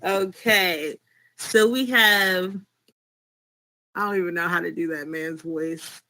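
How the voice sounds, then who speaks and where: A woman co-hosting a casual talk show, unhurried and often laughing. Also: on the low side, sharp tone, poor audio. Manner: unhurried, giggly. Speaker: co-host. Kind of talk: casual chat.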